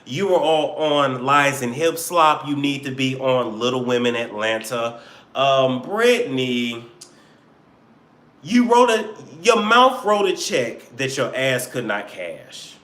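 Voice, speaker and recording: A man hosting a live-stream celebrity gossip show, animated and joking, sometimes slipping into mock accents. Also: medium pitch, slow pace, roomy sound.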